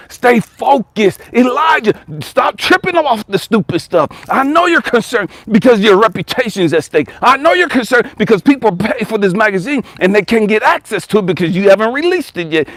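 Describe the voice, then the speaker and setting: A man voicing God, who speaks as a calm, insistent male coach and keeps repeating the listener's name to urge and reassure him. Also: high-pitched, slightly rough, no echo, pitched above the performer's own voice, exaggerated voice.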